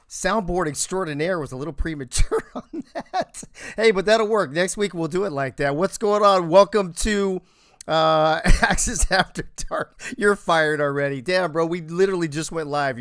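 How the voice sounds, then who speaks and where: A man's voice: fairly high pitch, clear, resonant tone, no room sound. Joking male stream host, dry sound. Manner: joking, rapid shout-outs to the chat. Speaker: live-stream show host. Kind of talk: casual live-stream chat.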